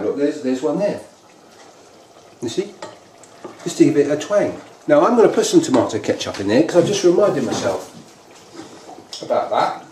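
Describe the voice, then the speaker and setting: In his own home kitchen, a British man with a fairly high, mellow voice presents a casual cooking demonstration, wandering off track and repeating himself while explaining the recipe. He speaks British English and is from the United Kingdom. The room is echoey with faint noise.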